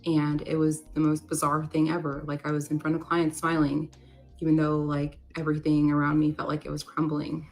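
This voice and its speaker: A young woman with a notably low voice recounts a personal story in a loose, confessional way, leaning on "like" as she goes. Soft music plays faintly in the background. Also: monotone, fairly quick. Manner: conversational, many "like" fillers.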